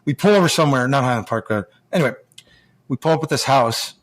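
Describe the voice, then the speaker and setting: An American man spins long, loose stories in an easy, mid-pitched voice. He keeps stopping, restarting and acting out what other people said. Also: lively intonation, quick pace. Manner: rambling, full of restarts and acted-out quotes. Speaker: guest, former hockey player. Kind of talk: casual storytelling.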